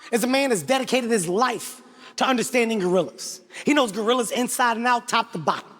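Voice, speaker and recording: A man telling a profane stand-up comedy story with animated, indignant outbursts. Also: very high-pitched. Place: large venue with audience. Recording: echoey hall, faint background noise.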